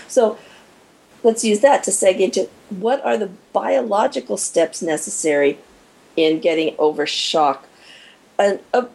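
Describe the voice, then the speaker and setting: Husky, animated woman explaining. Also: mid-range voice, poor audio. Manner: animated, acts out little scenes with quoted inner voices. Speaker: guest expert on shock and recovery. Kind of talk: explanatory interview talk.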